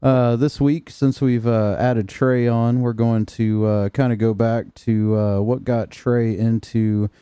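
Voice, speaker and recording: A man's voice: mid-range voice, level tone, slow pace, hardly any pauses, dark tone, clean tone, no echo, studio quality. A man hosting a podcast in casual, jokey chat, laughing along with his guest. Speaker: podcast host.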